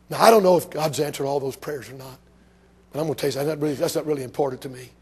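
An older man preaching a sermon to a congregation, telling a personal story, swinging between hushed passages and shouted climaxes. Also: a little high, steady tone, very fast, breathy edge. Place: church before a congregation.

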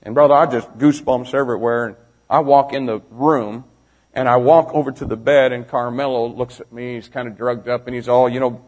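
A man preaching a storytelling sermon to young people, swinging from shouting to hushed near-whispers and firing direct questions at the listeners. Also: medium pitch, steady tone, brisk. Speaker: preacher, youth pastor.

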